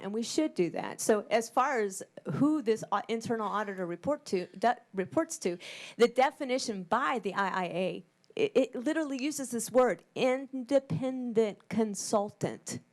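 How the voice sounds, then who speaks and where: A woman's voice: mid-range voice, normal speed. Earnest emphatic woman at a board meeting. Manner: earnest, emphatic, repeats key words. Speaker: school board member. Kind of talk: public meeting remarks.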